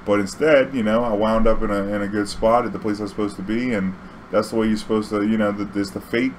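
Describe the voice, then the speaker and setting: A man's voice: on the low side, steady tone, quick pace, slight background noise, low-quality recording. Laid-back profane New man. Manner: loose, profane, filler-heavy with many "you know"s. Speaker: vlogger. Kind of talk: casual storytime monologue.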